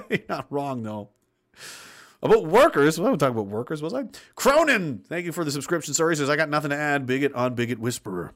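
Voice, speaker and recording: A man's voice: on the high side, very animated, fast talker, fairly bright tone. A man hosting a livestream, reading out chat comments and ranting bluntly with lots of swearing and laughs between points. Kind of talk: casual ranting livestream talk.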